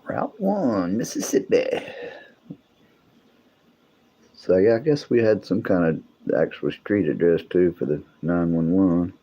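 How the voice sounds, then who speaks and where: On dull audio, a low-pitched man speaking at normal speed hosts a livestream, casually chatting with viewers in the live chat. He rambles in a drawl and keeps restarting his sentences.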